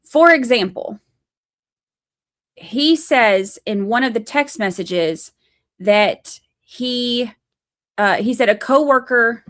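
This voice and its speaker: A woman's voice: a little high, expressive, slow pace, pauses often, a bit bright. A woman talking casually as a livestream commentator on a court hearing. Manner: casual, conversational. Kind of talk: live commentary.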